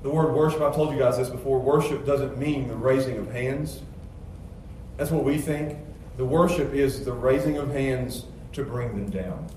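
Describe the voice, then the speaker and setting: A man preaching a sermon, moving between quiet, low storytelling and loud, emphatic passages. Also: moderate pace, a little hiss or hum. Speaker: pastor. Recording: echoey church sound from a distance.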